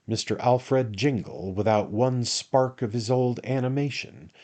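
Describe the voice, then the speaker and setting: A man reading a classic novel aloud as an audiobook narrator in a measured, unhurried way. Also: mid-range voice, steady tone, darkish tone. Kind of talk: scripted narration.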